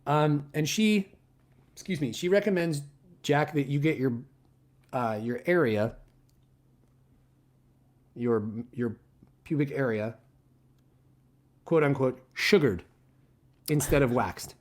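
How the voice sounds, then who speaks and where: A man's voice: mid-range voice, animated, slow, long pauses. A young man co-hosting a live show, reading fan mail aloud and stumbling over words. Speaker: co-host. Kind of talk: casual live-show banter.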